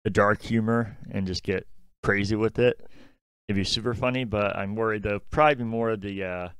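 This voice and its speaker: A man co-hosting a gaming podcast in casual chat, relaxed and thinking out loud. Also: lowish voice, a little fast, clean tone, dry recording, studio quality. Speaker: podcast co-host.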